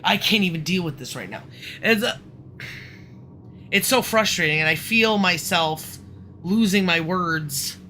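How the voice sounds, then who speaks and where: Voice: mid-range voice, animated, a little slow, long pauses, sharp tone, faint music behind. A livestream host in casual conversation, frustrated and swearing a lot, breaking off and restarting sentences. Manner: frustrated, profane and swearing often.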